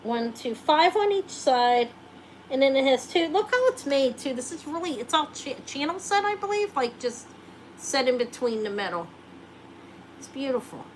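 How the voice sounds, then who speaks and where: A woman's voice: high voice, sing-song, normal speed, slight background noise, poor audio. A woman hosting a live jewelry sale, chatting casually and joking while she shows rings.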